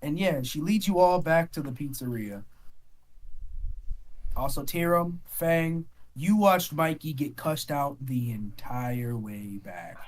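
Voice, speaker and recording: A man narrating a tabletop game as dungeon master in a relaxed, rambling way. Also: on the high side, takes it slowly. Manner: relaxed, with fillers and restarts.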